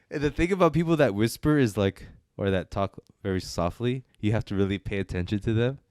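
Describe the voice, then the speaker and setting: A man's voice: fairly low pitch, brisk, a little mellow, clear, resonant tone, dry recording, clean studio sound. A man co-hosting a casual film review chat, rambling and hesitant with many fillers and restarts. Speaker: podcast co-host reviewing films.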